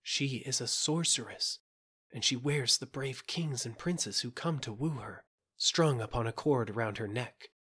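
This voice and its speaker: A man voicing a secretive, fearful young maid in a storybook reading, speaking low and confidingly. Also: lively intonation, a little slow, slightly rough. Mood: warning.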